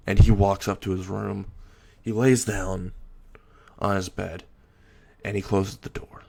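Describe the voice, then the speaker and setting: Low gravelly male storyteller. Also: little pitch movement, measured pace, dark tone. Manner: casual, blunt, crude wording. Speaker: fan story narrator. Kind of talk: improvised fan story narration.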